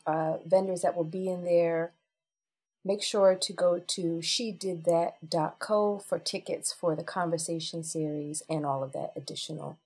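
A woman's voice: lowish voice, a little mellow, slightly rough. A woman co-hosting a podcast in casual chat, teasing and playfully blunt with her friend. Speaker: podcast co-host.

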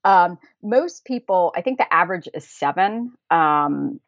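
A woman's voice: fairly low pitch, animated, measured pace, creaky, dry recording, highs cut off. An American woman chatting as a podcast guest, rambling and laughing often. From United States. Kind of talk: casual chat.

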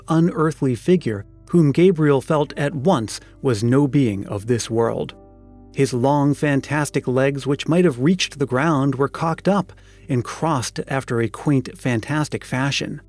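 A man reading a classic story aloud in a measured, expressive narration. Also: a little high. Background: faint music.

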